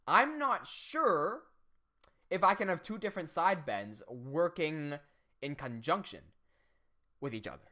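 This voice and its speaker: A man streaming his animation work from home on his own desk mic, thinking out loud and laughing easily. His voice is sharp and forceful in tone. His pitch leaps around animatedly even in plain technical talk. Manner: rambling, thinks aloud, laughs often. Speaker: 3D animation livestreamer. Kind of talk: live-streamed work session chat. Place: home setup in Australia. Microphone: own desk microphone.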